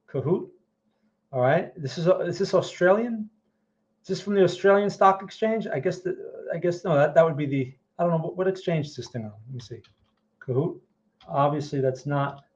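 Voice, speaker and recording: A man talking through stock charts in a loose, conversational way, pitched a little higher than most men. He keeps checking in with his listeners as he goes. The sound is dull and lo-fi. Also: darkish tone. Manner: conversational, frequent "right?" and "okay?" check-ins. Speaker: trading educator answering viewer questions. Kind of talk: casual livestream market commentary.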